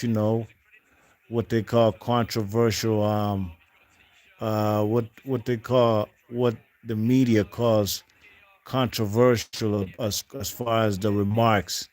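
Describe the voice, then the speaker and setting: Here a man with a fairly low, somewhat mellow voice chats casually after a fight on his boxing channel. The commentary is slangy and rambling, packed with fillers and false starts, and his accent is not from the UK.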